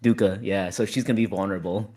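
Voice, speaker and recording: A player in a tabletop game, describing their character's action with excitable, giggly reactions. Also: low-pitched, quick pace, breathy edge.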